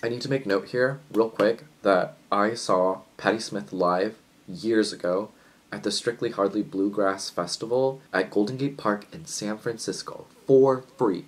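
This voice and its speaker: A young man talks through a casual book vlog in a slightly low voice. He's chatty and jittery from coffee, jumping from loud bursts of excitement to softer, musing asides. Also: poor audio. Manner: jittery, chatty and excitable, with quick swings between loud enthusiasm and soft musing. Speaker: book vlogger.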